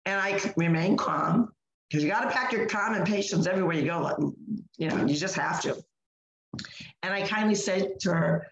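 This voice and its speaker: A woman's voice: fairly low pitch, normal speed, dull audio, a little hiss or hum. Woman telling an indignant story, echoey room. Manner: indignant storytelling with many fillers and restarts. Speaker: podcast co-host. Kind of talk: casual chat.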